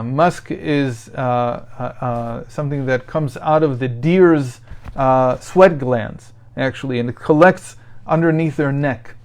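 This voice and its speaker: A middle-aged man giving a daily Torah lesson in a slightly higher voice. He teaches thoughtfully, often searching for words with fillers. He slows down to read sources aloud. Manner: thoughtful, hesitant with many fillers, reads sources aloud slowly.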